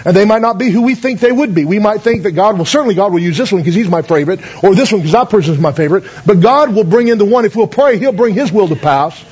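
A man's voice: high-pitched, lively intonation, quick pace, few pauses, a little mellow, husky, dull audio. A man pastor telling stories in a sermon, folksy, with many fillers and calls of amen. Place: church.

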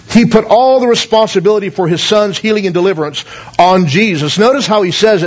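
A male pastor with a high voice preaches a sermon in an earnest tone. He reads scripture, prays, puts questions to the congregation and repeats his words as he thinks aloud. The recording is dull and lo-fi. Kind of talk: sermon with scripture reading and prayer.

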